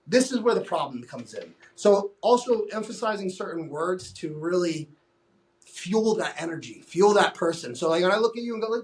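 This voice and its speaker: A man with a high voice for his sex talks as a fitness coach in a casual podcast chat. He is blunt, emphatic and freely profane. He often slips into quoted back-and-forth with his clients. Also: animated, brisk.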